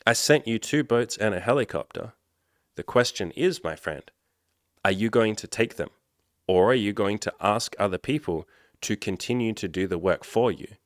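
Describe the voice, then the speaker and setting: A man's voice: fairly low pitch, moderate pace, no room sound. Blunt man in his thirties, dry sound. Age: 30s. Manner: blunt, animated storyteller. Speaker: life coach. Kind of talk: motivational vlog monologue.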